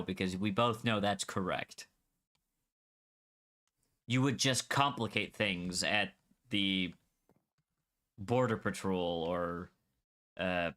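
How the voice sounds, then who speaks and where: A young Scottish man chatting casually while gaming, arguing his point with energy and some swearing. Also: sits low. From Scotland. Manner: animated, argumentative, swears freely. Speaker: Minecraft server streamer.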